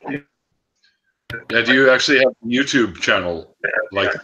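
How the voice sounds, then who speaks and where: Guy hosting a call stream, bright forceful voice, lotsa uhs, kinda muffled lo-fi audio. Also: mid-range voice, takes it slowly, breathy edge. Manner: relaxed, filler-heavy, hesitant. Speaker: livestream host. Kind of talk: casual group video-call chat. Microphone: computer mic on a video call.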